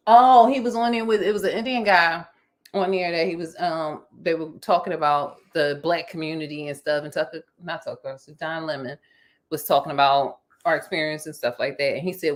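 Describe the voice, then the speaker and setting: A woman's voice: low voice, normal speed. A woman with a Philadelphia accent co-hosting a casual podcast chat, playful and prone to giggling and crude jokes. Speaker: podcast co-host.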